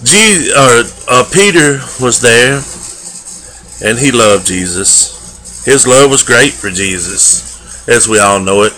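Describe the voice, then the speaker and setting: A man giving a daily devotional, earnest and homespun in manner, with loose everyday grammar and drawn-out emphatic phrases. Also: mid-range voice, expressive, pushed and bright, soft background music, poor audio. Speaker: lay preacher. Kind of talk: folksy daily devotional sermon.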